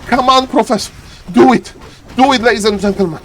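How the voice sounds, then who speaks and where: A man casting a strategy game match, swinging from calm talk to frantic repeated shouting. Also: extremely high pitch, brisk, slight background noise. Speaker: game caster. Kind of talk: excited esports commentary.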